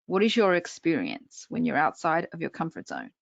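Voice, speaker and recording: Woman speaking coach, lowish voice, engaging online workshop, dull lo-fi dry audio. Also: wildly swooping pitch, normal speed, creaky, no echo. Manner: engaging, addresses audience directly with frequent check-ins.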